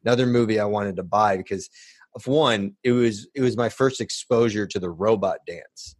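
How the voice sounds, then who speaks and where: A man co-hosting a casual podcast, rambling and animated as he tells stories. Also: on the low side, moderate pace, dry recording. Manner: rambling, restarts, animated storytelling. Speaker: podcast co-host. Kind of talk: casual chat.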